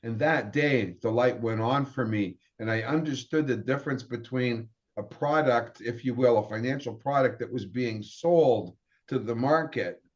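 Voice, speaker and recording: A man's voice: mid-range voice, normal speed, few pauses. A middle-aged man tells his career story in an easy, rambling way. He often stops to restart a sentence and acts out what people said to him. The recording sounds a little dull and lo-fi. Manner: rambling, with restarts and quoted dialogue. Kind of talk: casual storytelling.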